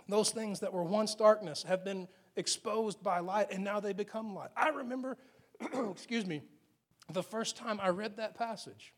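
A man preaching a sermon as pastor, moving between loud emphatic lines and quiet, hushed ones. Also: high-pitched, measured pace.

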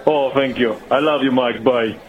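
A man's voice: mid-range voice, steady tone, normal speed, close to an everyday voice. Guy doing a goofy fake-russian caller, broken english, kinda muffled lo-fi line. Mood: hammy. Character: boastful Russian miner caller, adult man, cheerful.

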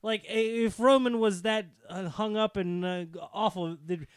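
A man's voice: high-pitched, normal speed, clean tone, no echo, clean studio sound. A man co-hosting a casual wrestling chat, riffing sarcastically and doing mock voices. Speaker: podcast co-host.

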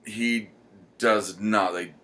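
Low-voiced man rambling through a casual chat. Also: steady tone, bright, forceful tone, slight background noise. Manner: rambling, many "um" pauses. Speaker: podcast co-host.

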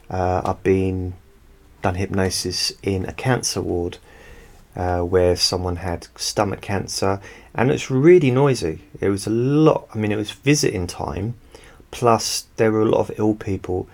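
A hypnotist speaking softly and unhurriedly to his listeners from home, rambling a little as he talks. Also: lowish voice. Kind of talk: soft-spoken talk to listeners. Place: home, quiet room. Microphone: studio microphone.

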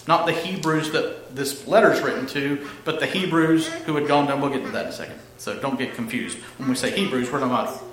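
A man preaching a sermon as pastor, reading scripture aloud and explaining it in an animated, conversational way with asides to the congregation. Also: mid-range voice, brisk. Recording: echoey hall with faint noise.

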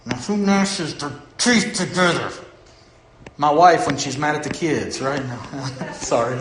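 Questioning pastor in an echoey hall. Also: male voice, on the high side, a little slow, background noise. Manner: asks the congregation questions, swings from loud emphasis to hushed. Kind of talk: sermon. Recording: echoey room.

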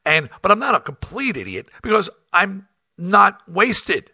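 A man with a gravelly, husky voice and a sharp, bright edge tells rough stories from years of touring. He talks in an animated, blunt and profane way, acts out quotes and keeps restarting his sentences. The sound is dry and close. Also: high-pitched, measured pace, no room sound. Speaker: rock band front man telling tour stories. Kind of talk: casual storytelling.

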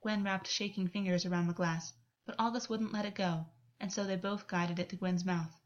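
A woman reading a story aloud as narrator in an even, unhurried way. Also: mid-range voice. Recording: dull lo-fi recording.

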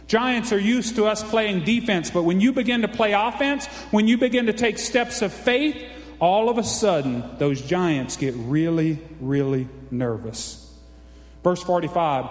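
A man's voice: high-pitched, expressive, moderate pace. A man preaching a folksy, exclamatory sermon, often calling out for an amen. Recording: echoey hall reverb.

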